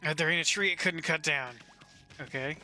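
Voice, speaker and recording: A man's voice: on the high side, moderate pace, pushed and bright. A man streaming a video game, making casual, joking asides as he plays. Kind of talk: casual gaming commentary. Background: game music.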